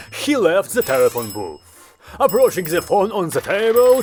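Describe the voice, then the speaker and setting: Brief: man narrator, comic audiobook, wry, lively, slightly high, faint music. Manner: wry, storytelling.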